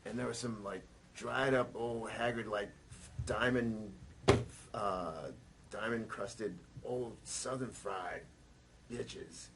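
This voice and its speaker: A man, a punk musician, telling a rambling personal story in an interview, swearing and pausing on fillers. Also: lowish voice, fairly even intonation, heavy background noise. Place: record label office.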